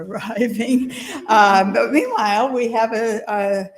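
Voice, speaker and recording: A woman's voice: a little high, slow pace. A woman leading a worship service, thanking the storyteller and making cheerful announcements.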